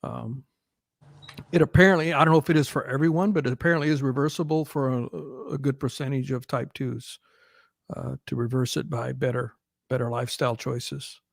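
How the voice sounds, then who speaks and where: Co-host, man, gravelly mid voice, dry close mic, rambling chatty delivery. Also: medium pitch, steady tone, fairly quick, no echo. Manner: rambling, restarts often, laughs easily. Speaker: podcast co-host. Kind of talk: casual chat.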